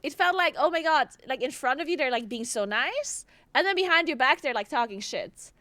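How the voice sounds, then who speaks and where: A young woman streamer talks loosely to her chat while playing, her higher voice swinging up and down a lot. She leans on "like" and casual swearing, and the sound is close and dry. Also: expressive, brisk, sharp tone, no room sound. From South Tyrol. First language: German dialect. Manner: chatty, many "like" fillers, swears, laughs often.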